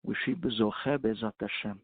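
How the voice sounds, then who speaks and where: A man's voice: on the low side, fairly even intonation, brisk, husky, no echo, narrow, tinny audio. A man, a rabbi, telling a story in an impassioned sermon and mixing in Hebrew and Yiddish terms, heard over a phone conference line.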